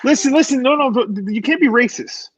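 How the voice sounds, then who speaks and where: A man's voice: extremely high pitch, fast, muffled recording. A man hosting a casual chat show, joking and cutting in on his guests. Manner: joking, interjecting host. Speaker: host.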